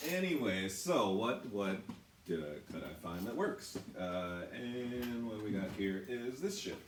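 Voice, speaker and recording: A man's voice: mid-range voice, echoey room, background noise. A man from the United States, a tattoo artist, rambling and swearing as he shows supplies in his shop. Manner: rambling, self-deprecating, swears a lot. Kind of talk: casual product walkthrough.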